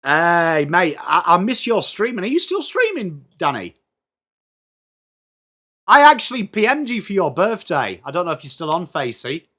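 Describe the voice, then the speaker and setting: A man's voice: sits high, wildly swooping pitch, moderate pace, bright, forceful tone. A man with an English accent hosting a casual live sports watchalong stream, chatting and greeting viewers by name. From England.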